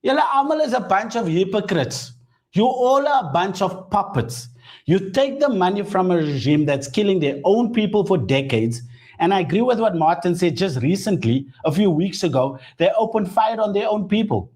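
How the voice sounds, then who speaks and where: A man's voice: high-pitched, lively intonation, moderate pace, a little mellow. A South African man giving heated political commentary, indignant and emphatic, often repeating himself for effect. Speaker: panel commentator.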